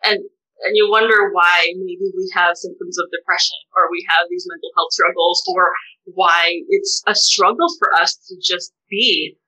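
Bright-voiced woman talking with heart. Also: lowish voice, normal speed, rough recording. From United States. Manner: animated, many fillers and restarts, voice rises sharply when quoting others. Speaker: guest, therapist and doctoral researcher. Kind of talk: emotional conversational interview.

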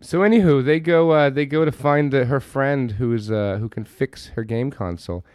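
Male podcast co-host, mid pitch, dry close-miked sound, lively scene recaps full of swearing. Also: normal speed, clean tone, no room sound. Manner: animated retelling with swearing. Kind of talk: casual movie-review chat.

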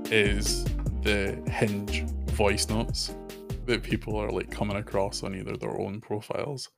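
A man's voice: lowish voice, level tone, measured pace, creaky, music in the background. A man co-hosting a podcast, chatting casually and playfully with lots of fillers and laughter. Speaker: podcast co-host. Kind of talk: casual chat.

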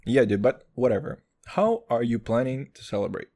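A young man doing a rambling, profane comic monologue, jumping between voices and pitches as he riffs. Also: moderate pace. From Israel. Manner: profane, excitable, riffing with sudden jumps in pitch.

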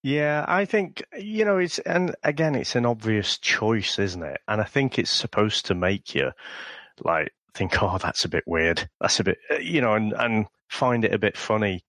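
A man co-hosts a film review podcast in easygoing, casual chat, often chuckling as he talks. His voice sits a little low. The recording is dry and close, with no room sound. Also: very animated, normal speed, a bit bright, no room sound. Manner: easygoing, chuckles while talking. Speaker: podcast co-host.

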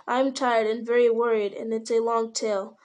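A woman's voice: fairly high pitch, little pitch movement, moderate pace, darkish tone, close to an everyday voice. A woman reading the part of a tired, worried young male traveler in a storybook reading, polite and anxious.

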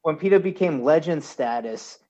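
A man's voice: fairly high pitch, expressive, normal speed, darkish tone. A man chatting as a guest, hesitant and repeating words as he talks. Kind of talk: casual chat. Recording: dull, muffled sound.

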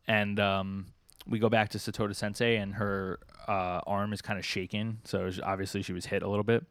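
A man with a fairly low voice co-hosts a casual podcast, recapping comic chapters in a loose, rambling way full of ums and likes. The sound is dry and close, with no room around it. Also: flat delivery, a little fast, clear, resonant tone, no room sound. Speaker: podcast co-host.

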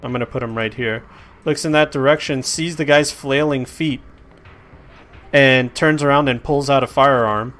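A man's voice: mid-range voice, steady tone, normal speed, fairly bright tone. A man narrating as game master in a casual, chatty way.

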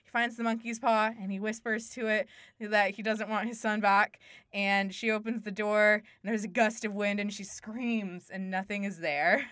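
A woman's voice: medium pitch, normal speed, no room sound, clean studio sound. A woman co-hosting a podcast, retelling a story casually and laughing often. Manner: animated, laughs often, uses voices. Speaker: podcast co-host.

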